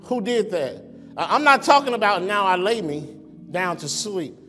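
A man's voice: high-pitched, sing-song, normal speed, sharp tone, soft background music. A male pastor preaching a sermon to an online congregation, with a conversational style and frequent rhetorical questions. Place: church sanctuary. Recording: long reverb in a church sanctuary.

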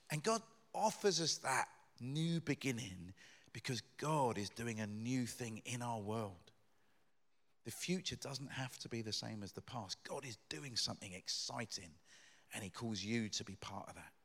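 Middle-aged guest preacher, mid-pitched, lively storytelling delivery. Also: male voice. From Britain. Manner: animated storytelling, rising loud in acted bits. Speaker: guest speaker. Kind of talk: sermon.

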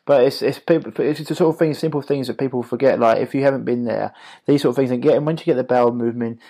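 A man's voice: mid-range voice, fairly even intonation, fast talker, warm tone. A man hosting a podcast as a health coach, explaining in long rambling runs with many restarts. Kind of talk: podcast conversation.

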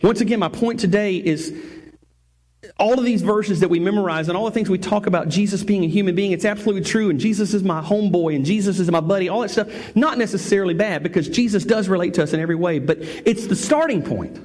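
A man's voice: high voice, fast talker, a little mellow. A man preaching a sermon as pastor, earnest, often restarting phrases and repeating words for emphasis.

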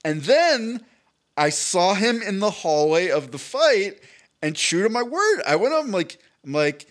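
A man tells a story on a podcast in an animated, rambling way, swearing freely and acting out the people in it. His voice sits a little higher than most men's. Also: unhurried. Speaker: podcast co-host. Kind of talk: casual storytelling chat.

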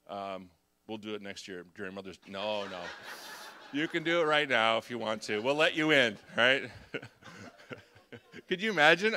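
A middle-aged pastor with a bright, forward, medium-pitched voice preaches a sermon. He tells his confessions as stories, dropping to a hush before climbing into loud, lively bursts.

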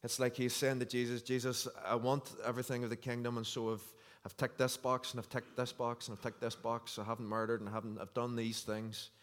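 A man's voice: mid-range voice, little pitch movement, fairly quick, few pauses, fairly bright tone. Man preaching in a reverberant hall. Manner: earnest, conversational preaching with scripture reading. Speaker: pastor. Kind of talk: sermon. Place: church hall.

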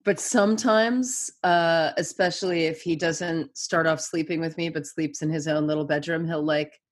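Lowish-voiced woman telling animated stories. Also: normal speed. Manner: animated storyteller, acts out quotes. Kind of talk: casual chat.

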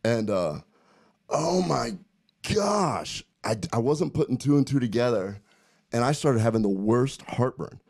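A middle-aged man co-hosting a casual chat, telling stories in an animated way and laughing often. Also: medium pitch, moderate pace, no echo, studio quality. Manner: animated storyteller who laughs a lot. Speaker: podcast co-host.

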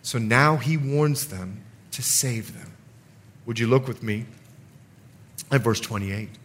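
A man preaching a sermon as pastor, animated and acting out scenes and quotes as he goes. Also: mid-range voice, slow.

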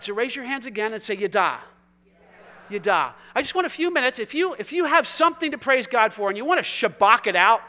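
A male pastor with a strikingly high voice delivers his sermon. His tone is bright and forceful, and he talks easily with his congregation. He moves from quiet, chatty asides to loud, excited calls. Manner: conversational and energetic, swinging from quiet to loud and exuberant. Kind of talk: sermon with congregation call-and-response.

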